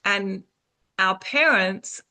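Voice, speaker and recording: A woman's voice: medium pitch, extremely slow, sharp tone. A middle-aged woman from England, hosting a casual interview and steering the conversation along. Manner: steering, leads the talk in order. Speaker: interviewer, host.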